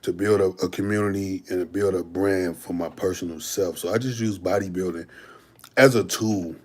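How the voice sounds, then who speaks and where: A man's voice: low voice, steady tone, normal speed, husky. A young man, a bodybuilder hosting a livestream and answering viewer questions in a laid-back, slangy way. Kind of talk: casual livestream Q&A.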